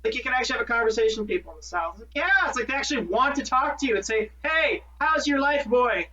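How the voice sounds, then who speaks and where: A man's voice: extremely high pitch, very fast, bright, forceful tone, recorded from a distance. A man from Minnesota co-hosts a podcast in a loose, rambling chat, correcting himself as he goes and laughing at his own jokes. His voice sits back from the mic. The recording sounds muffled and dull. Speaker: podcast co-host. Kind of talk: casual chat.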